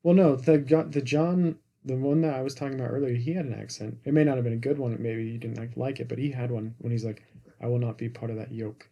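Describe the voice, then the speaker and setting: A man's voice: medium pitch, fairly even intonation, fast, vocal fry, dark tone. A man co-hosting a casual movie review podcast, retelling scenes and acting out quoted lines. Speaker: podcast co-host.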